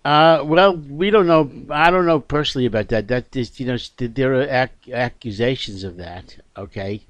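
A man's voice: mid-range voice, no room sound. A man hosting a casual radio talk show, speaking earnestly with many restarts and fillers. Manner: halting, frequent restarts, earnest.

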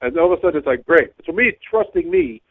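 Cab driver calling in, high lively voice, keeps tripping on words, phone-line sound. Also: male voice, fast, no room sound. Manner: rambling, stammering repeats. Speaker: caller, taxi driver. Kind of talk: animated call-in storytelling.

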